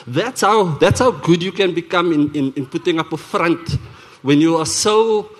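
A South African man telling his testimony from the pulpit, his voice sitting a little high for a man. He tells it as an earnest, animated story, often stumbling and restarting his sentences as he goes. It has the feel of a church service. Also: normal speed. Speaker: worship leader giving a testimony. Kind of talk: sermon testimony told as a story.

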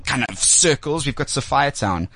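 A man's voice: mid-range voice, expressive, moderate pace, a bit bright, no room sound. Chatty guy on radio. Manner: chatty, playful, jumps between plugs. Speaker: co-host. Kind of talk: casual radio chat. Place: radio studio.

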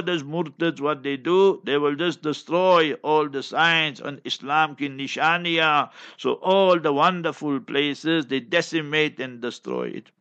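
An older South African man hosts a religious talk show, reading through the news with emphatic, scolding commentary. His voice is bright and forceful and sits a little high for a man, and he keeps pressing his points hard. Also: muffled recording. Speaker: Islamic radio talk host.

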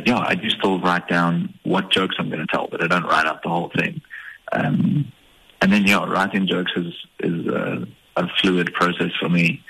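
A man from the Eastern Cape, a stand-up comedian talking in a relaxed, hesitant, self-deprecating way in a radio interview. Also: deep voice, gravelly, husky, low-quality recording. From Eastern Cape, South Africa. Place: radio studio.

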